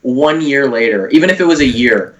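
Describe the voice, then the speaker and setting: A man's voice: mid-range voice, lively intonation, fairly quick, a bit bright, low-quality recording. A man chatting casually on a comedy podcast, teasing his friend with swear-laced banter.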